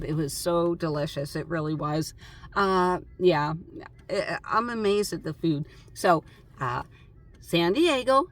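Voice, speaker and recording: Lower-voiced lady vlogging about road trips, chatty, lots of uhs. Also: a little hiss or hum. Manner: rambling, many fillers, chatty. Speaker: travel vlogger. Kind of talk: casual chat.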